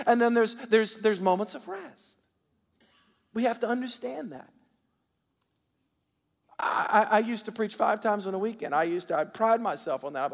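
A pastor with a high, gravelly voice delivers a sermon in call-and-response style in a church sanctuary, often repeating himself and prompting the congregation to answer. A long reverb from the hall surrounds his voice.

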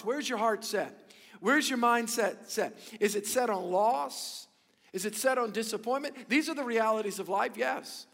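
High-voiced emphatic male pastor. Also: normal speed, gravelly, fairly bright tone, long reverb tail. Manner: emphatic, repetitive, stumbles and restarts, addresses congregation. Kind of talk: sermon. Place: church sanctuary.

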